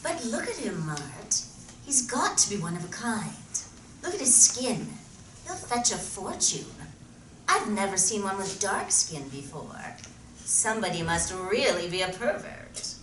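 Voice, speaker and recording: A woman's voice: mid-range voice, sing-song, unhurried, a bit bright. Woman playing a bossy, cruel alien captain. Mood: scheming. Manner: bossy, barking orders, mocking. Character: cruel, commanding female alien starship captain. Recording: echoey room, mic far off, faint hiss.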